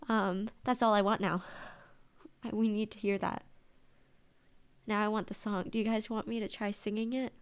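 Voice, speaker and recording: A woman streamer chatting casually with her viewers during a reaction stream. She gets excited easily, exclaims often and sprinkles Japanese phrases into her talk. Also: medium pitch, moderate pace, pauses often, clean tone.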